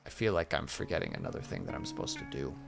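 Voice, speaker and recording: Gravelly man rambling to his chat. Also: very deep voice, huge pitch swings, quick pace, music in the background. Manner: rambling, reflective, many fillers. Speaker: streamer. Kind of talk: casual chat with viewers.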